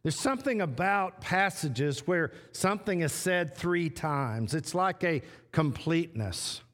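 A man preaching a sermon as pastor, slow and repetitive, stressing short phrases again and again. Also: fairly high pitch, animated, fairly bright tone. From Texas. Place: church sanctuary. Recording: long church hall reverb.

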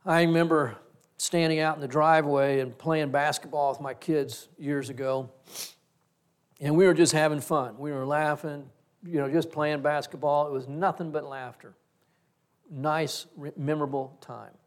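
A man's voice: on the high side, fairly even intonation, normal speed. A middle-aged male pastor giving a reflective, story-driven sermon.

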